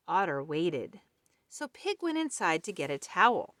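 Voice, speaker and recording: A woman reading a children's picture book aloud in a gentle, friendly way. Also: on the low side, sing-song, a little slow, no echo, clean studio sound. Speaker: storybook reader.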